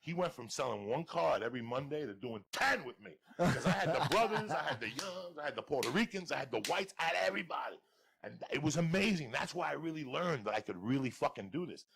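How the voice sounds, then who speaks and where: A man with a New York accent tells raucous, profane stories as a podcast guest. His voice is husky and gravelly, with a lot of fry. He talks fast, and his pitch leaps around as he gets worked up. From Cuba. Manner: profane, animated, booming laughs. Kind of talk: storytelling on a podcast.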